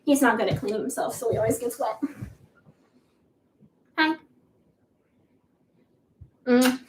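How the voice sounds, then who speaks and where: A woman's voice: fairly high pitch, slow pace, slight background noise. A teenage girl rambling in a giggly, chatty way while answering viewer questions on a casual livestream. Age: teens. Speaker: livestream host. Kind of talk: casual live Q&A chat.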